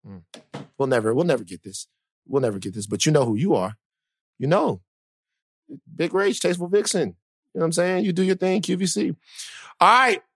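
A man co-hosting a podcast in casual chat, a teasing, animated storyteller who acts out what others said. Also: a little high, fairly quick, pauses often, breathy edge, no echo, clean studio sound. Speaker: podcast co-host.

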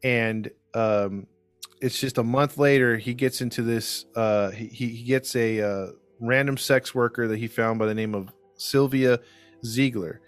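A man's voice: medium pitch, steady tone, a little slow, clear, resonant tone, dry recording, soft background music. A man casually telling a crime case as podcast host, with many fillers and restarts. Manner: rambling, filler-heavy storytelling. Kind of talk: casual true crime chat.

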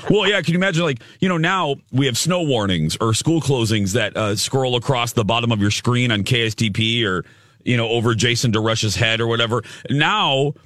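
A man's voice: medium pitch, a little fast, dry recording, clean studio sound. A man hosting a morning radio show, bantering casually and cracking jokes. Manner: joking, animated asides.

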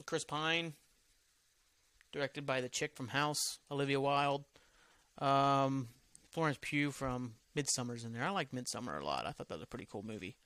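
A man's voice: medium pitch, moderate pace, a bit bright, no room sound. A man hosting a solo podcast, rambling from topic to topic in loose, profane talk that often trails off. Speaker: podcast host.

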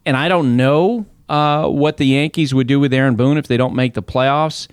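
A man with a smooth, clear voice chatting casually about baseball as an analyst. He tells stories in an easy conversational way, and the sound is dry and close with no room echo. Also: medium pitch, moderate pace. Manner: conversational, storytelling with restarts and laughs. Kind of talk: casual podcast chat.

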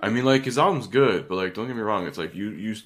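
A man's voice: fairly low pitch, animated, fast talker, a bit bright. A man co-hosting a podcast, chatting casually and swearing a lot, rambling with plenty of fillers. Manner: profane, rambling with many fillers. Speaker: podcast co-host. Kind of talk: casual chat.

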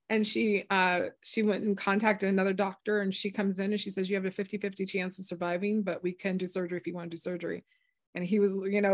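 Woman telling an animated story, dry sound. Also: medium pitch, fast, no room sound. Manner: animated, acts out quoted voices. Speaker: guest, healer and former psychic. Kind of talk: storytelling in conversation.

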